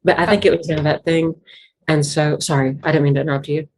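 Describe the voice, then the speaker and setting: A woman's voice: low-pitched, fairly even intonation, quick pace, a little mellow. A woman with a Virginia foothill Appalachian accent, chatting as an interview guest and rambling through many fillers and restarts. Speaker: guest musician. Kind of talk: casual interview chat.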